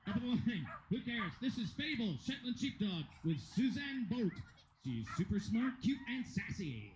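A man's voice: very high voice, very animated, measured pace, background noise. A man giving rambling, joking live commentary at a dog agility competition. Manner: joking, rambling, self-deprecating. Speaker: event commentator. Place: dog agility event venue.

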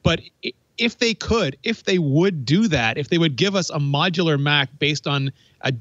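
A man's voice: a little high, expressive, normal speed, fairly bright tone, no room sound, dull audio. A man commenting on a tech panel, enthusiastic and rambling, often correcting himself mid-sentence. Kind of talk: casual tech panel chat.

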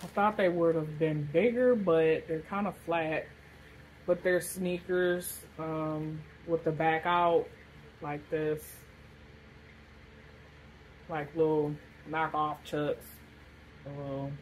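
A woman's voice: low voice, fairly even intonation, slow, long pauses, a little hiss or hum, poor audio. A woman casually chatting through a shopping haul, rambling with lots of fillers. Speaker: vlogger showing a shopping haul. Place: hot room with a fan blowing.

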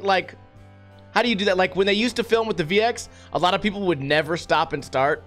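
A man with a fairly high voice talks through clips in casual commentary, blunt and sarcastic, now and then swearing. Soft music plays faintly behind him. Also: brisk. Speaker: skate video reviewer host.

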